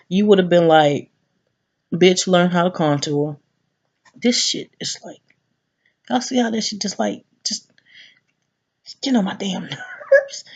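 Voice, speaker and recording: A woman in her thirties speaks in a low, darkish voice on a lo-fi recording. She's vlogging, ranting brashly and swearing freely while addressing her viewers directly in a casual way.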